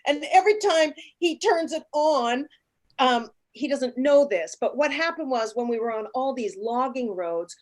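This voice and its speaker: A woman in her late fifties casually telling a travel story, animated, acting out the voices of the people in it. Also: sits high, a little slow. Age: 50s. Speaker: guest.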